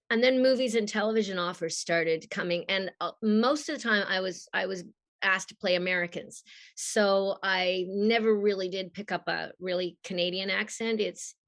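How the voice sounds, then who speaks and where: A husky-voiced woman from Australia speaks with a mid-Atlantic accent, telling stories at an even middle pitch and laughing often. She talks over a video call as an interview guest. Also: normal speed. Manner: animated storyteller, laughs often. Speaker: guest voice actress. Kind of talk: casual interview.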